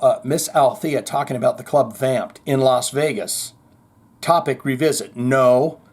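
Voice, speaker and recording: On a heavy metal news show, a medium-pitched male host reads out viewer comments and chats loosely, sarcastic, blunt and occasionally swearing.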